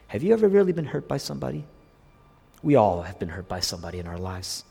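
A man's voice: medium pitch, big pitch swings, fast, creaky, breathy edge. Man preaching in a reverberant hall. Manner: dramatic, swings from hushed whispers to loud emphatic lines. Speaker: pastor. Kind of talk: sermon.

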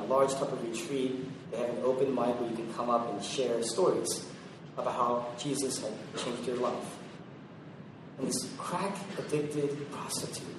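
Preacher man in a booming echoey hall. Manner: dramatic, swinging between loud emphasis and hushed quiet. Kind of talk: sermon. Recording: very echoey, distant mic, faint noise.

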